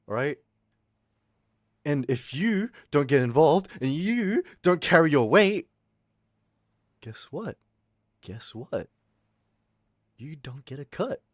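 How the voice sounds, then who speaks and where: A young man streaming, chatting with his chat in a loud, swearing, laughing, animated rant. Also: mid-range voice, no echo, studio quality. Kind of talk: casual stream chat reading chat.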